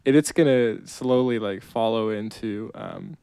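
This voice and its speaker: A man's voice: on the low side, a little slow, vocal fry, mellow, smooth, dry recording. A man co-hosting a comedy podcast, chatting casually, laughing often as he sketches scenes with many fillers. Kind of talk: casual chat.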